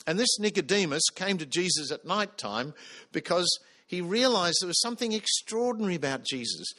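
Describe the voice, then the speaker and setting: A man's voice: sits high, sharp tone. A man preaching a sermon, earnest, putting questions to the congregation.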